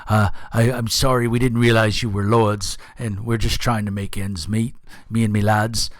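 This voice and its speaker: A man's voice: on the low side, level tone, moderate pace, no echo, clean studio sound, close to an everyday voice. A man voicing a scruffy, beaten-up male bandit leader who wheedles and keeps saying "me lord" in a tabletop game. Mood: wheedling. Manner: says "me lord" and "me lads", wheedling.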